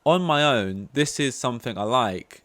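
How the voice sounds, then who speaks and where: A man's voice: medium pitch, expressive, moderate pace, a bit bright, no room sound. A man hosting a casual solo podcast, talking in a rambling, candid and self-deprecating way. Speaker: podcast host.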